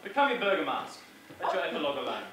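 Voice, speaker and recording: Noble duke, played by a man; declamatory verse, distant stage sound with clear room noise. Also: fairly high pitch, big pitch swings, rapid-fire. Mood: commanding. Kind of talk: stage play performance. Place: theatre stage. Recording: very echoey stage sound from far off.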